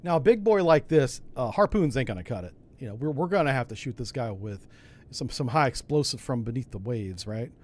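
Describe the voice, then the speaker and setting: A man streams a submarine game and talks it through step by step. His voice sits at a middling pitch, and his delivery is folksy and chatty, full of asides. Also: expressive, a little fast. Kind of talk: casual gameplay commentary.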